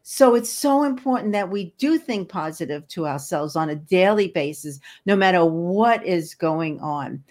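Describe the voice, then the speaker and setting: A woman's voice: fairly low pitch, expressive, moderate pace, hardly any pauses, a little mellow. A woman speaking as a podcast guest, an energy healer and hypnotherapist, talking earnestly and encouragingly with frequent restarts. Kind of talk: podcast interview conversation.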